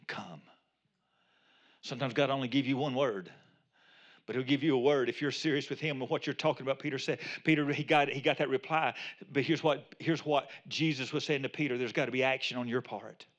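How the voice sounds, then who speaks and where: High, bright-voiced man preaching a sermon. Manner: preaching with swings from loud calls to quiet asides, acting out Peter's prayer. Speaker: pastor.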